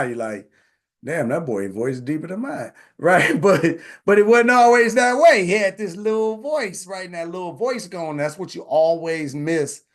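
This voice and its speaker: A man in his forties hosting a live online session, telling personal stories in a casual, animated way and often asking "right?". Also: medium pitch. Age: 40s. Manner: animated, repeats phrases, says "right?" often. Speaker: host.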